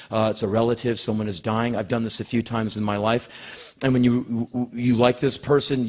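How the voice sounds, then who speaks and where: A man telling a long personal story on stage, acting out the voices of the people in it and often stumbling over his words. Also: medium pitch. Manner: animated, acts out quoted voices; rambling, repeats words when emotional. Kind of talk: spoken word storytelling.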